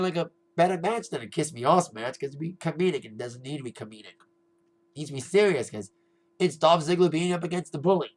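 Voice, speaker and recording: A man's voice: fairly high pitch, low-quality recording. A young man giving a casual, rambling spoken review, often repeating himself and laughing now and then. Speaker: wrestling show reviewer.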